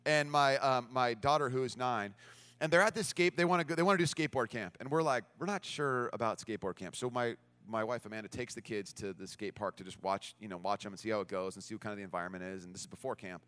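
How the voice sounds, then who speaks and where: A man preaching a sermon as pastor, telling a story in an animated way and acting out the voices of the people in it. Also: medium pitch, fast, clear, resonant tone, dry recording.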